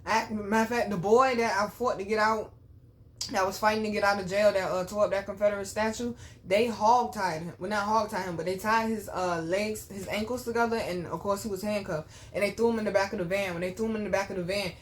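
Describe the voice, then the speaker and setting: A woman's voice: mid-range voice, fairly even intonation, a little fast, a little hiss or hum. A young woman hosting her own channel, telling a personal story to camera in a blunt, profane way and speaking straight to her viewers. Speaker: channel host.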